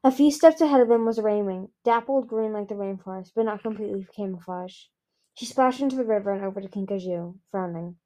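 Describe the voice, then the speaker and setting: A woman's voice: mid-range voice, a little fast, dark tone. A woman reading a fantasy novel aloud, hesitant, with frequent restarts. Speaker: audiobook reader.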